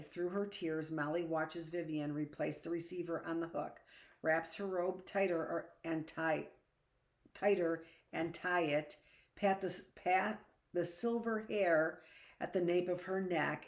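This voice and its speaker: A woman teacher reading a novel aloud in a steady, unhurried way. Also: lowish voice.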